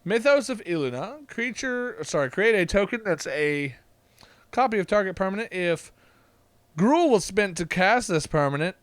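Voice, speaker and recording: Excitable man with a bouncy voice. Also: sits high, moderate pace, no room sound. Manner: excitable, reads card text aloud, frequent "uh", laughs often. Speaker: card-opening channel host. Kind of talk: casual card-opening vlog.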